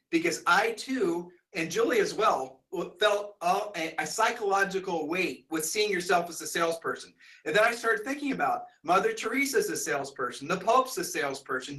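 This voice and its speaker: A man telling a long story to an audience in a rambling, animated way, full of restarts. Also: high-pitched, poor audio. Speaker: speaker telling a sales story.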